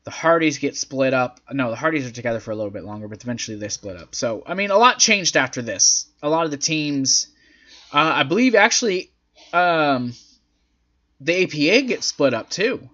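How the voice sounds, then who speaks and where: A man's voice: fairly high pitch, animated, moderate pace, sharp tone. A man hosting a casual recap, rambling along with lots of fillers as he retells events. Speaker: host. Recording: dull lo-fi audio.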